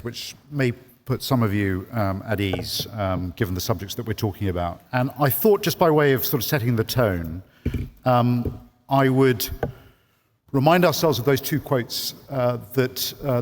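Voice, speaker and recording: A man moderating a conference panel, talking hesitantly with many ums and restarts. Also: medium pitch. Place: large conference hall. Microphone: handheld microphone. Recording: long hall reverb.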